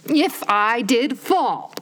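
A woman reading a storybook aloud, putting on a higher, slow, pompous voice for a touchy male egg perched on a wall. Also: animated, a bit bright, heavily acted. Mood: haughty. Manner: pompous, slow, drawn-out emphatic phrasing.

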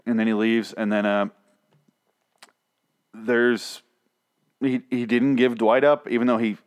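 A man's voice: medium pitch, flat delivery, measured pace, pauses often. A man hosting a TV review show, ranting in a casual, exasperated way, swearing often and restarting his sentences. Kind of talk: casual profane rant.

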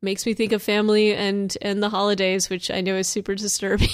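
A woman's voice: mid-range voice, little pitch movement, brisk, smooth, no room sound, studio quality. A woman co-host chatting casually on a podcast, with many fillers and easy laughter. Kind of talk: casual chat.

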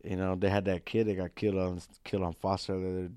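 A man's voice: deep voice, fast, clean tone, no room sound, studio quality. A man, a pro MMA fighter, telling stories in casual chat and acting out the voices of the people in them. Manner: animated, acts out voices in his stories, swears freely.

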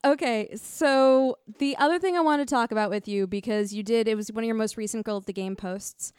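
Young female podcast host, casual and chatty, a little high, clean dry mic. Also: fairly quick, darkish tone, clear, resonant tone, no room sound. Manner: chatty, laughs often, trailing restarts. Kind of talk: casual chat.

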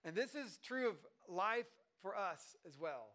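A male pastor delivers a conversational sermon. His voice sits high for a man, and he talks loosely, restarting sentences and dropping in wry asides to the congregation. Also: big pitch swings, a little slow, pushed and bright. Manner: conversational, joking asides, many fillers and restarts.

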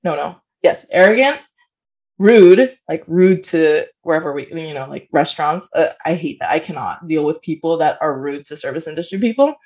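A woman's voice: deep voice, expressive, moderate pace, a little mellow. A young woman co-hosting a casual podcast, asking questions and laughing often. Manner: laughs often, short backchannels. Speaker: podcast co-host.

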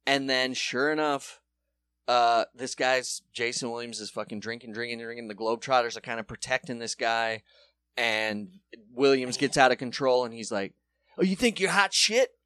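A young adult man telling a story in casual podcast chat, acting out the people in it with sudden high voices. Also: moderate pace, clean tone, no echo. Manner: animated, acts out quoted people in a high voice. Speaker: podcast co-host.

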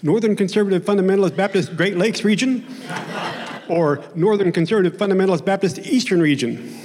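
An eager, chummy young country fellow with an Oklahoma twang, as a preacher acts him out. He talks a bit higher than a man's normal voice and fires off friendly questions. Long reverb hangs in the hall behind him. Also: brisk, darkish tone, natural voice. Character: friendly young man turning zealous.

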